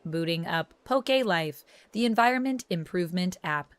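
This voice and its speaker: A talking computer in a video game announces its system messages in a flat, officious tone, as a woman reads it out. The delivery stays steady and even, like an automated system reading a status report. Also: on the low side, normal speed, soft background music, lightly acted. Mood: announcing.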